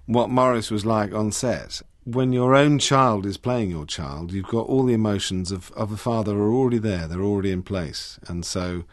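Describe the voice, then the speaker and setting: A middle-aged British actor chatting as an interview guest, warm and rambling with frequent restarts. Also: male voice, on the low side, normal speed, hardly any pauses, dry recording. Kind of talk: interview chat.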